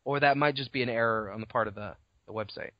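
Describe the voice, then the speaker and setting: A man on a podcast rambles through a chapter summary, swearing freely and slipping into the characters' voices. His voice sits at a middle pitch. The sound is dull and lo-fi, dry with no room echo. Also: fast. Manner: rambling recap, swearing, acts out characters' lines. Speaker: podcast co-host. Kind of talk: casual chat summarizing a novel chapter. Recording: dull lo-fi home recording.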